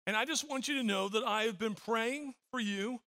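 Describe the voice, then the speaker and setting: A man's voice: very high-pitched, moderate pace, bright, forceful tone. A middle-aged man preaching a sermon as pastor, telling stories with frequent repeated words.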